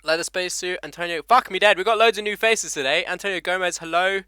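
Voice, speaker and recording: A man's voice: sits high, quick pace, sharp tone, clear, resonant tone, no echo. A young man with an English accent hosting a casual motorcycle live stream, swearing freely and laughing as he greets viewers by name. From England. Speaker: motovlogger host.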